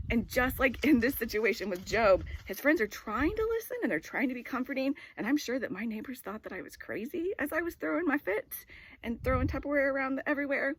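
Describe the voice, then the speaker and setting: A woman's voice: high-pitched, expressive, brisk, a little hiss or hum. A woman in her forties giving a casual devotional talk. She tells a personal story in a rambling way with many filler words. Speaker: devotional speaker.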